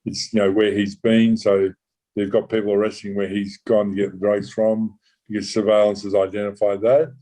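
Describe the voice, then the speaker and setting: A lowish, mellow-toned man tells his own story as a former undercover officer. He talks in halting bursts, restarting sentences and swearing casually as he goes. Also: level tone, low-quality recording. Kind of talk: recounting a true story in an interview.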